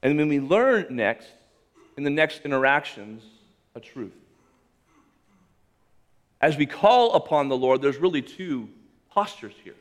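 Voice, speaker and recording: A man preaching a sermon, reading scripture aloud and commenting on it with humor and emphasis, swinging between loud raised lines and quiet, low drops. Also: very animated, unhurried, pauses often. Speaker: pastor.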